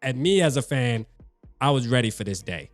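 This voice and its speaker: A man's voice: mid-range voice, animated, normal speed, dry recording. Guy ranting about his team on his vlog, slangy, calls you man and bruh, dry sound with faint music under. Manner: slangy, talks straight to the listener. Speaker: sports fan vlogger. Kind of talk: casual fan commentary.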